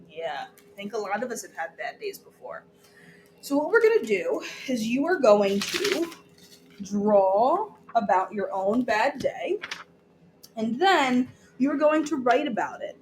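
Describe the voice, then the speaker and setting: Slow, gentle woman teacher. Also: a little high, a little hiss or hum, rough recording. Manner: gentle, encouraging teacher talk to young children. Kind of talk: classroom read-aloud and instructions.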